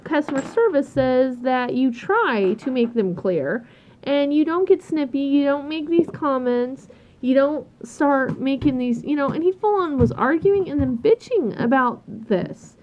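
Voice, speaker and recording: A woman's voice: high-pitched, expressive, measured pace. A woman telling a work story in a casual, exasperated rant, swearing freely and acting out what people said. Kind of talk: casual ranting monologue. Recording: dull lo-fi sound.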